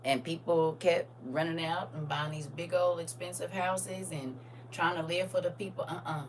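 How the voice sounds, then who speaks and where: An older woman, hosting a casual live chat, laughing and swinging between soft asides and loud high bursts. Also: steady tone, normal speed, recorded from a distance, slight background noise. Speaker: host reading viewer comments.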